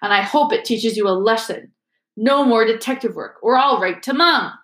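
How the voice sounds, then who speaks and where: A woman's voice: fairly high pitch, moderate pace, fairly bright tone, lightly acted. A woman reading as a terse teenage boy prefect. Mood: stern. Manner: terse, stern. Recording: echoey room.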